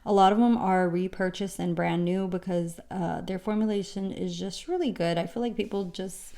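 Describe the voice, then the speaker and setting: A woman's voice: fairly low pitch, steady tone, moderate pace, dark tone. A woman vlogging casually at home, chatting through her collection item by item with many ums and uhs. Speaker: beauty vlogger. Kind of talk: casual show-and-tell walkthrough. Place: home room with storage drawers.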